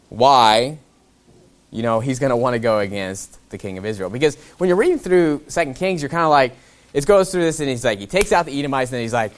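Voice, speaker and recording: A man preaching in a relaxed, conversational way, reading old scripture and then restating it in everyday words. He climbs to loud high bursts for emphasis, then drops to low, quiet asides. His voice sits at an ordinary middle pitch. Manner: conversational, acts out the kings' lines in a plain voice. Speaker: pastor. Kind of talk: expository sermon.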